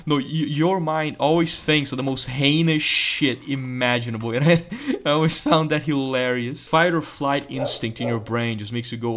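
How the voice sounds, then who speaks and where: A man's voice: fairly high pitch, moderate pace, fairly bright tone. A young man doing casual gameplay commentary, ranting profanely and laughing often. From Brazil. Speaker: gaming channel host.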